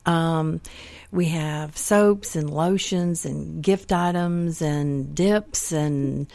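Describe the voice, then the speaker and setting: A woman's voice: on the low side, dark tone, dry recording. Texan woman, shop owner, dry voice. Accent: Texas. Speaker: antique store owner, guest. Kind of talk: radio interview. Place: small radio studio.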